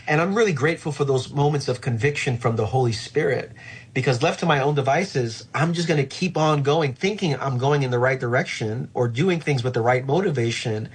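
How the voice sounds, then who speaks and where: A man who is a pastor, talking earnestly about faith in a conversation and slowing down to stress his points. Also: medium pitch, slightly rough.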